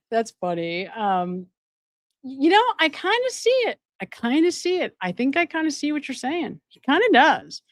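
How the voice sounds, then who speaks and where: A woman's voice: high voice, big pitch swings, unhurried, dry recording. Emphatic woman streamer, dry close sound. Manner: emphatic, repeats phrases for stress. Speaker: host and addiction counselor. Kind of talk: live-stream commentary, reading viewer donations.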